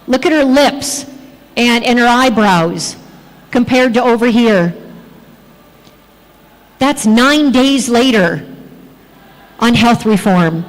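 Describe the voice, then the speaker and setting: A woman giving a health presentation at a church, telling lively patient stories and pointing out details in photos. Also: fairly high pitch, in a large hall, low-quality recording. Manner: lively anecdotal storytelling, acting out patients' replies. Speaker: health speaker. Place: church hall.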